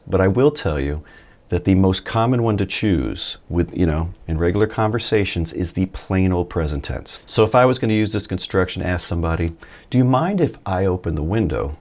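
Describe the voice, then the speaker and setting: A man giving a relaxed, chatty video lesson, with folksy asides, a little tired early in the morning. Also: low voice, fairly quick. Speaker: Spanish teacher.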